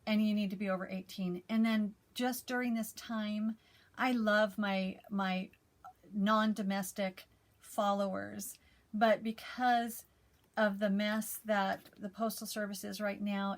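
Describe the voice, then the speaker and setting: A woman's voice: medium pitch, flat delivery, unhurried. A woman chatting casually to camera as a cross stitch vlogger, rambling and emotional.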